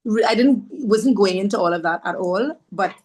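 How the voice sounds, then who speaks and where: A woman's voice: medium pitch, moderate pace, husky. A woman from Trinidad, a podcast guest telling a heartfelt personal story, earnest and devout, repeating phrases for emphasis. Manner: devout, speaks of faith warmly.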